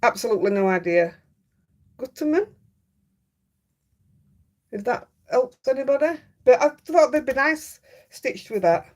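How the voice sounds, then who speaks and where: Chatty Yorkshire woman, fairly high voice. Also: animated, unhurried, long pauses, a little mellow. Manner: chatty, reads out viewer comments, laughs easily. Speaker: craft livestream host. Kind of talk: casual live chat.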